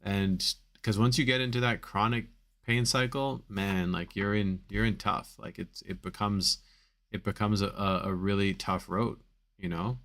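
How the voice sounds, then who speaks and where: Deep-voiced casual man coaching live. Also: steady tone, measured pace, fairly bright tone. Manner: casual, many fillers, repeats for emphasis. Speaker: back pain coach. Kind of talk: live Q&A stream.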